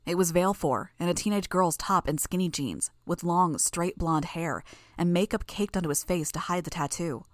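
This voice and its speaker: A woman narrating a first-person audiobook in a steady, even storytelling manner. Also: lowish voice, moderate pace, no room sound, clean studio sound.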